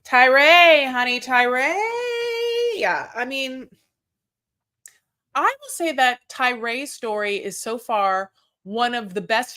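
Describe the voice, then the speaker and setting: A woman's voice: medium pitch, fairly bright tone. A woman host chatting casually as she recaps reality TV. She rambles, talks in circles and swears.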